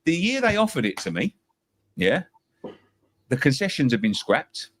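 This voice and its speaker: A man's voice: medium pitch, huge pitch swings, normal speed, fairly bright tone, slight background noise. A middle-aged man from England, a football fan talking passionately, swearing and repeating himself. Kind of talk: heated fan-show chat.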